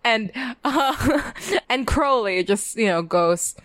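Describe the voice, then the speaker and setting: A woman co-hosting a podcast animatedly retells a TV episode in casual conversation, acting out quotes and laughing along the way. Her voice is a little high, a bit bright, expressive, and slow-paced.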